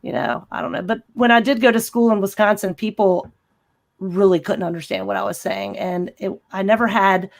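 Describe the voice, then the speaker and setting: A woman with a light Richmond, Virginia accent talks as a podcast guest. Her voice sits in an ordinary middle pitch. She rambles warmly through her thoughts and leans on "you know". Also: expressive, moderate pace. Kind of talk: casual chat.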